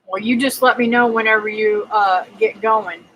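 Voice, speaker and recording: Chatty bright-voiced woman greeting viewers. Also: on the high side, fairly even intonation, normal speed, breathy edge, dull audio. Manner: chatty, greets viewers by name, many fillers. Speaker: homesteading livestream host. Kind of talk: casual livestream chat reading viewer comments.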